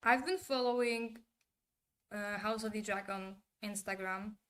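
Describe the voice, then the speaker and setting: A woman talks to her stream chat in a loose, casual way, and her voice sits at a middling pitch. She is opinionated and blunt and drops in the occasional swear word. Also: steady tone, a little slow, fairly bright tone. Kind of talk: casual livestream commentary.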